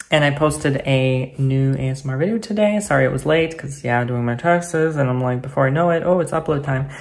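A man talks casually to his viewers in a home vlog. He is chatty and playful, with a theatrical streak. His mid-pitched voice has a steady, gravelly fry. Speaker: vlogger.

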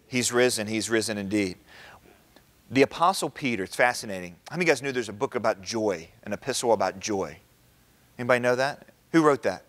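Animated man preaching to an audience. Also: mid-range voice, fast. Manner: animated, quizzes the audience with rhetorical questions. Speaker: Christian speaker addressing an audience. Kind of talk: lively public talk.

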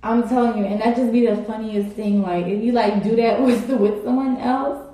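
A woman's voice: a little high, fairly even intonation, normal speed, warm tone, slight background noise. A young woman, chatting casually and rambling to her viewers on a phone live stream, full of "like" and "y'all". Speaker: social media personality on a live stream. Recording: very echoey room on a phone.

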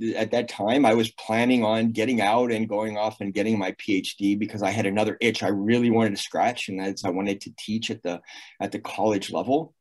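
A man in his sixties, recounting his navy years at an easy conversational pace. His voice sits fairly low, and he stumbles over fillers and restarts as he gathers his thoughts. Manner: hesitant, many fillers and restarts. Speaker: guest. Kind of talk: casual storytelling interview.

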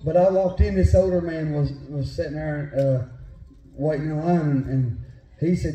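Fervent West Virginia Appalachian preacher, high-pitched. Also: male voice, moderate pace. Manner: folksy, fervent, rising to shouted preaching. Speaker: pastor. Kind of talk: sermon with personal storytelling. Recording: echoey church room.

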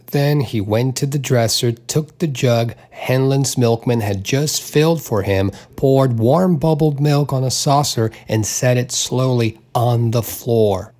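A man narrating a literary audiobook at a notably slow, deliberate pace. His pitch sits in an ordinary middle register, and he gives the characters small voiced touches without leaving his reading voice. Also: a little mellow.

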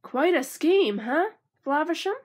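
A woman's voice: sits high, animated, normal speed, a little mellow. Brief: woman doing a grandiose, wicked rat criminal mastermind, storybook, sneering. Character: wicked, boastful male rat villain, sneering.

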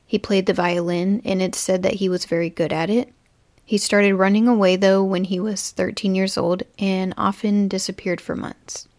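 A woman's voice: mid-range voice, a little mellow, dry recording. A young woman hosting a true crime podcast, reading from notes and stumbling over words now and then. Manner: reads from notes with slips and self-corrections. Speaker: podcast host.

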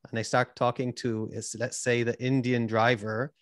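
A young man being interviewed as a podcast host chats and rambles a little in a casual conversation, his accent a mix of Canadian, British and Israeli. His mid-range voice is a bit bright with little pitch movement and a moderate pace, captured in a dry, studio-quality recording. He comes across chatty and self-deprecating.

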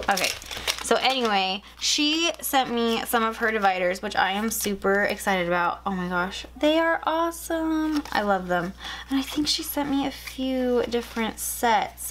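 A young woman in casual chat, unboxing planner supplies at home, gushing and excitable with frequent gasps. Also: on the high side, a little hiss or hum, poor audio. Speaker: planner vlogger. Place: home room.

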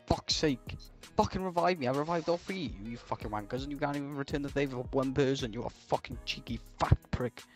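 A man's voice: mid-range voice, quick pace, soft background music. A young man in online game voice chat, swearing nonstop and ranting insults at other players over a headset. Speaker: gamer.

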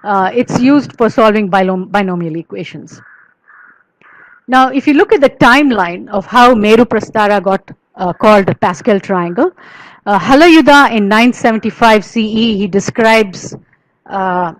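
A woman's voice: mid-range voice, moderate pace, poor audio. A woman giving an academic lecture, explaining patiently with frequent fillers and restarts, and chanting verse in rhythm. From India.

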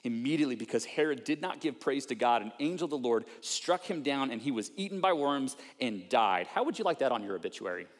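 A man's voice: medium pitch, animated, brisk, few pauses. Man preaching in a reverberant hall. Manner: earnest, conversational preaching with acted-out prayers and mock self-talk. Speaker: pastor. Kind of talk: sermon. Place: large church auditorium.

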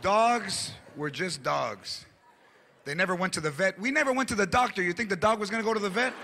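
A man's voice: high-pitched, brisk, creaky, a little hiss or hum. A man doing stand-up comedy on a theater stage, telling stories animatedly with Spanish asides. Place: theater stage before a live audience. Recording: live stage with loud crowd.

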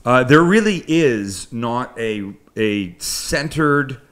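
Speaking slowly and expressively, a Canadian man runs a live cooking show, joking at his own expense as he rambles to the crew in his home kitchen studio. His voice is medium in pitch and somewhat bright.

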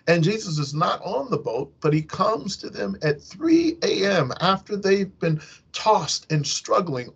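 A man's voice: a little high, gravelly, husky. A man giving a devotional meditation as a hospital chaplain, talking in a conversational way and correcting himself as he goes. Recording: dull lo-fi recording.

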